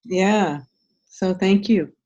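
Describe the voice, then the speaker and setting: A woman taking part in a training exercise over a video call. She speaks tenderly and haltingly, pausing as she shares her feelings. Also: medium pitch, warm tone, dull audio. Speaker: workshop participant. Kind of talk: slow, heartfelt sharing in a training exercise.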